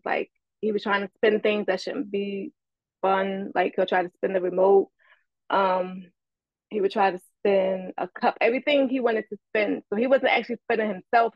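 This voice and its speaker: Woman co-host, hoarse from illness, matter-of-fact, muffled dry recording. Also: medium pitch, no echo. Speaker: podcast co-host. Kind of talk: casual podcast chat.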